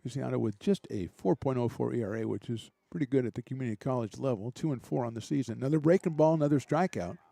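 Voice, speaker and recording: A man doing relaxed, chatty play-by-play commentary for a college baseball game, with small asides and jokes between pitches. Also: fast talker, creaky, hardly any pauses, no echo. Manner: relaxed, chatty, lightly joking between pitches, rising excitement on big plays. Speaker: play-by-play announcer.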